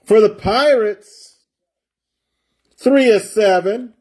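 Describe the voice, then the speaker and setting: A man with a fairly high voice hosts a live card break stream. He chats in a loose, rambling way and stretches out each player's name as he reveals it. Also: very slow, darkish tone. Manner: chatty, rambling, drawls out player names while opening packs.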